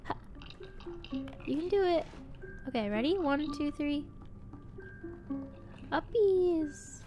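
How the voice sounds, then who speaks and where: A young woman streaming a horror game, chatting playfully and cooing to an in-game companion, swinging from quiet muttering to excited squeals. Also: sits high, takes it slowly, long pauses, music in the background. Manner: playful, talks baby-talk to a game companion. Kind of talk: casual gameplay commentary.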